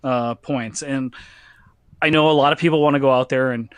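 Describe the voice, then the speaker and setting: A man's voice: medium pitch, fairly even intonation, moderate pace, clear, resonant tone, no room sound. A man hosting a casual podcast chat, ranting emphatically and joking, with frequent restarts. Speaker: podcast host.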